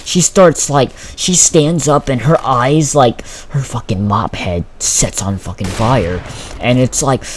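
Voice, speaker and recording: A teenage boy vents about his school day in a casual vlog, swearing freely and sounding exasperated. His delivery is animated, with a mid-pitched voice. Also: slow, slight background noise. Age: teens. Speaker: vlogger.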